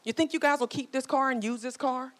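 A woman's voice: high voice, fairly quick, a bit bright, pitched above the performer's own voice. A woman voicing a wife in a joke who asks her husband pointed, rising questions. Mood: probing. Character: probing golfer wife in a joke.

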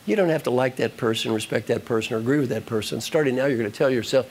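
A man giving a live motivational talk to an audience, animated and repetitive, giving direct instructions. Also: medium pitch, quick pace, slight background noise. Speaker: motivational speaker.

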